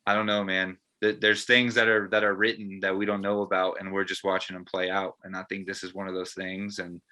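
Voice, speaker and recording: Man, former player co-host, casual postgame chat, bright forceful voice, lowish pitch, earnest rambling. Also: monotone, brisk. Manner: earnest, rambling with many fillers.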